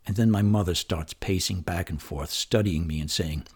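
A New York man tells a personal childhood story like a memoir storyteller, conversational, wry and vivid. His voice is low, gravelly and husky, with a darkish tone at a normal pace.

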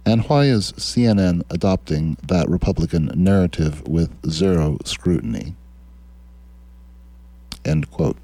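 Low husky sarcastic radio host. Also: male voice, unhurried, warm tone, no room sound. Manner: sardonic, mocking. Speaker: radio talk show host. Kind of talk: sarcastic political commentary, reading quotes aloud. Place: radio studio.

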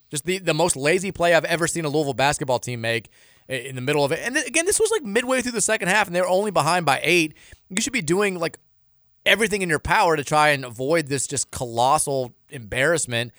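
A man's voice: a little high, quick pace, dry recording, studio quality. A man hosting a sports radio show, talking casually in a rambling way with many restarts. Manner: animated, rambling, frequent restarts and repeated words. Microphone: studio microphone.

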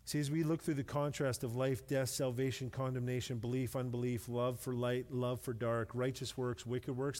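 A man's voice: mid-range voice, little pitch movement, moderate pace, few pauses, a little mellow. Conversational male pastor in a reverberant hall. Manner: conversational, self-deprecating humor, repeats words when emphatic. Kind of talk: sermon. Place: church sanctuary with long reverb.

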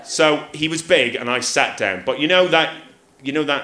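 A man's voice: mid-range voice, moderate pace. A man, a comedian guest, telling comic stories with lots of voices and laughter on stage. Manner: animated, acts out voices, laughs often. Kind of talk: comic storytelling. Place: theatre stage before a live audience. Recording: echoey live theatre.

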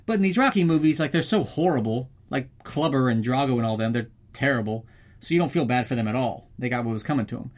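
A man at a middle pitch talks through a film recap like he's chatting with a friend, swearing freely and dripping with sarcasm. He keeps the tone loose and mocking, slipping into goofy voices for the characters he describes. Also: animated, fast. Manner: profane, sarcastic, jumps into silly voices. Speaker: podcast host.

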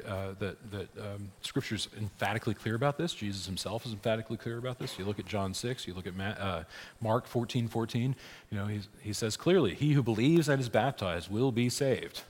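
A man, a priest, teaching a church catechesis class in a conversational way, often checking in with "right?". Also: on the low side. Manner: conversational, frequent "right?" checks, laughs, restarts. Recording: long hall reverb.

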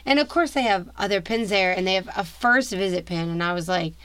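A woman co-hosting a casual podcast, chatty and quick to laugh, full of "like" fillers. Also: mid-range voice, a bit bright. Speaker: podcast co-host. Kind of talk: casual chat.

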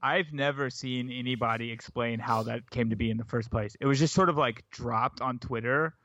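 A man's voice: medium pitch, moderate pace, sharp tone. A man joining a podcast as a guest over a video call, easygoing, laughing often, talking in loose rambling sentences. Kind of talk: casual chat. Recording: dull lo-fi video call audio.

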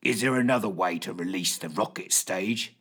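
A narrator voicing a gruff, weary male crewman with a low growling mutter. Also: normal speed, a bit bright.

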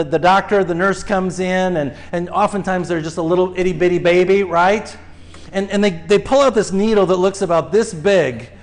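A man preaching to his congregation, telling a lively story full of acted-out cries, then leading a slow, hushed prayer. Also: high voice. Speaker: pastor. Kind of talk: sermon. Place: church sanctuary.

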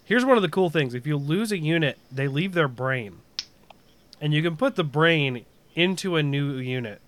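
A man's voice: on the high side, lively intonation, normal speed, a bit bright. A man chatting casually about a video game, rambling with lots of fillers and restarts.

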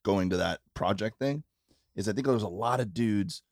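A man, a comedian guest on a podcast, talking casually on a tour bus and rambling with halting restarts. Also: on the low side, a little mellow, no room sound, clean studio sound. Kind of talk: casual chat.

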